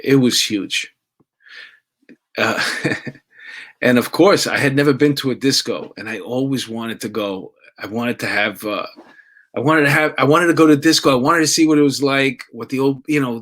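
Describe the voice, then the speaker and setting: A man's voice: mid-range voice, fairly bright tone. New guy telling stories, middle aged, chatty with restarts. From New York. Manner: conversational with laughs and restarts. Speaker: storyteller. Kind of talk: personal storytelling.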